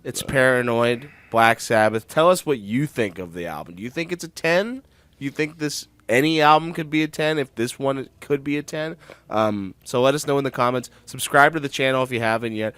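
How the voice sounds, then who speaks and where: A man co-hosting a casual album review show, chatting in an animated, slangy way and laughing often. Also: mid-range voice, moderate pace, clear, resonant tone, no echo. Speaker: podcast co-host.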